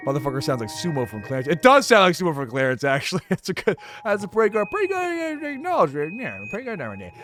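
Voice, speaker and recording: A hoarse man streaming a game, reading it aloud and making crude joking asides. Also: on the high side, sing-song, racing, hardly any pauses, music in the background.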